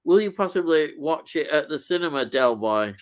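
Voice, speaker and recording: A man with a slightly higher-than-usual voice chats on a casual livestream. He talks in an easygoing, hesitant way and laughs easily. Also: lively intonation, normal speed, clean tone. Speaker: livestream co-host. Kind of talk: casual live chat.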